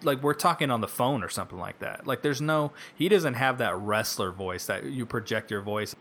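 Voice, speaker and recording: A man in casual talk, animated and breaking into quick mimicry of others as he tells a story. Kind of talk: casual wrestling chat. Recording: faint rumbling background noise.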